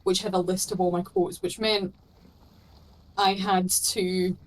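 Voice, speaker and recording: A woman's voice: lowish voice, little pitch movement, measured pace, poor audio. Casting note: woman co-streamer, chatty, tells anecdotes, casual swearing. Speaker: co-streamer guest. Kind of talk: casual chat while gaming.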